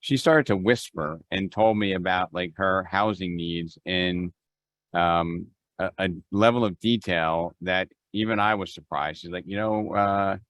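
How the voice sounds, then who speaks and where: Deep-voiced man leading a video call. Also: unhurried, a bit bright, dry recording. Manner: conversational, with restarts and quoted phone dialogue. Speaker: real estate team leader.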